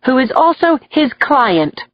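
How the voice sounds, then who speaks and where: A woman's voice: high voice, big pitch swings, unhurried, no echo, highs cut off, voice pushed up. A woman voicing an assertive female prosecutor in an audiobook, her tone firm and pointed.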